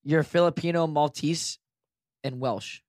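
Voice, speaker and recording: A man's voice: a little high, fairly even intonation, measured pace, darkish tone, dry recording, clean studio sound. A man co-hosting a podcast, chatting casually, teasing and telling stories. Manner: joking, teasing, tells anecdotes. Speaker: podcast co-host. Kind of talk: casual chat.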